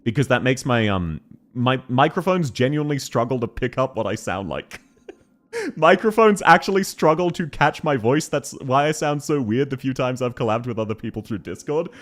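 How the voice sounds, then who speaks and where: A man streaming a game live, chatting excitedly with viewers and giggling often. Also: medium pitch, normal speed. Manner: excitable, giggly, reacts to chat messages.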